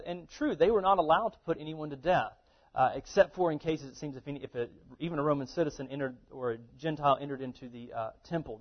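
A man's voice: medium pitch, lo-fi sound. A man teaching a Bible lesson in a conversational way, asking questions and answering them himself. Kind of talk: casual lecture on scripture.

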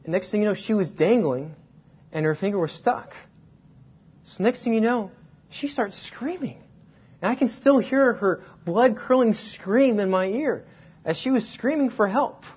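A man preaching a sermon, telling a personal story and slowing down to stress key words. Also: sits high, lively intonation, husky. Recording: dull lo-fi sound.

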